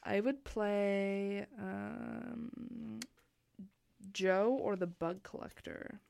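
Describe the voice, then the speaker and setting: A young woman hosting a radio show in casual chat, playful and quick to laugh. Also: mid-range voice, steady tone, gravelly, a little mellow, no echo. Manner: giggly, playful, laughs often. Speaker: radio host.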